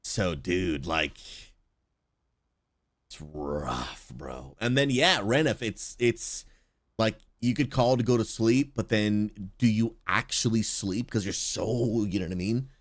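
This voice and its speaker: A man who is a pastor and streamer, chatting casually and excitedly as he reacts to game footage and thanks viewers, calling them bro and dude. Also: lowish voice, takes it slowly. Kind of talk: casual livestream reaction chat.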